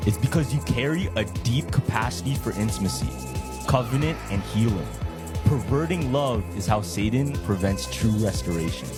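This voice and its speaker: A man's voice: medium pitch, animated, normal speed, loud music behind the voice. A man giving a preachy motivational talk, emphatic and building to each point.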